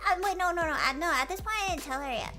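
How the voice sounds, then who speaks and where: Very high-voiced, animated woman streamer. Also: very fast. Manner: animated, swearing storyteller with lots of restarts. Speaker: streamer host. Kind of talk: casual chat. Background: background music.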